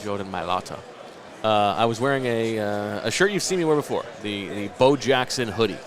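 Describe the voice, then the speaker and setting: A man's voice: on the low side, fairly quick, a crowd in the background. A man in his late thirties hosting a podcast, telling long self-mocking stories in casual chat. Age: late 30s. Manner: rambling, self-mocking storyteller. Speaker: podcast host.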